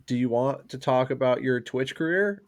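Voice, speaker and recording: Relaxed man hosting a podcast. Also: medium pitch, moderate pace. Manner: relaxed, asks follow-up questions. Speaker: podcast host. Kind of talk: casual interview.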